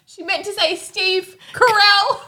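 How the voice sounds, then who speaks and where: Brief: high, bright female podcast co-host, sweary, slow, cackling, full of swing. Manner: sweary, laughs hard and often. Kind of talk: casual chat, quizzing her co-host.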